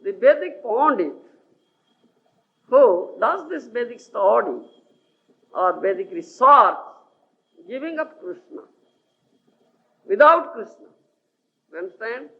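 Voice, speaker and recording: A man's voice: extremely high pitch, very animated, slow pace, vocal fry, pauses often, narrow, tinny audio. A man giving a scripture lecture, often checking whether his listeners follow him, on an old lecture tape. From India. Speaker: spiritual teacher.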